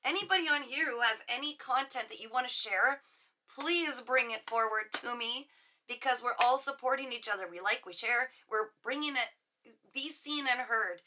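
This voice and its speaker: Woman, middle-aged, very bright sharp tone, slightly high voice, gushing livestream chatter. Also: moderate pace. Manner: effusive, gushing and warm toward viewers; chatty and rambling with frequent laughs. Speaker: livestream host and psychic reader. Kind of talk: casual livestream chat reading viewer comments. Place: home office.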